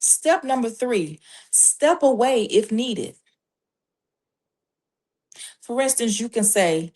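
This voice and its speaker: A woman speaking as a Christian life coach, giving faith-based parenting advice in a measured, emphatic way and laying out numbered steps backed by scripture. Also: fairly high pitch, lively intonation, darkish tone.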